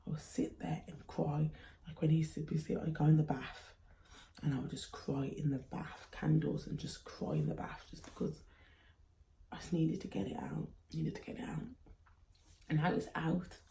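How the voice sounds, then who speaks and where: A young woman from England talks casually and earnestly to camera, with plenty of "like" and "um" between thoughts. Her voice is dark and mellow, with a gravelly fry underneath. The room around her rings with echo. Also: low-pitched, fairly even intonation, normal speed. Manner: chatty, earnest, frequent fillers. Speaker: vlogger and mum. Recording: echoey room.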